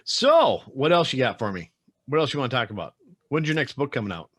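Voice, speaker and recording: A man's voice: mid-range voice, sing-song, fairly quick, a bit bright, slightly rough, no echo, studio quality. A man with a Wisconsin accent hosting a podcast interview, chatty and joking, often repeating his words. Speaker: podcast host. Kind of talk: casual interview chat.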